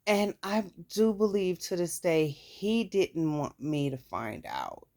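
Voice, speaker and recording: Slow and sing-song, a woman vlogger with a fairly low, slightly mellow voice shares her life story. She's frank and plain-spoken, dropping the occasional casual curse.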